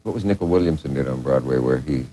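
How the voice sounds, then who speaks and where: A man's voice: extremely low pitch, quick pace, dark tone, rough recording. A man hosting a talk show, asking playful, teasing questions in casual chat.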